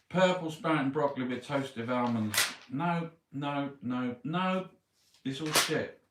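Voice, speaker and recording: A middle-aged man with a Cockney accent who rambles through a newspaper review, grumbling and swearing to himself. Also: mid-range voice. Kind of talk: rambling casual monologue. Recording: roomy, distant mic with background noise.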